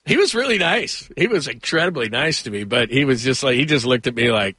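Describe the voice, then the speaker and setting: Bright-voiced rambling radio host. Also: male voice, mid-range voice, brisk, few pauses, husky, no echo. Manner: rambling, animated, laughs often. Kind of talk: casual sports talk and storytelling.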